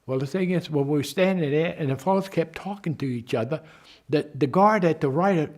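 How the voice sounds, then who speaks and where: Man in his nineties, war veteran, slightly high voice, halting speech, repeats words, personal memories. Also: darkish tone. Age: 90s.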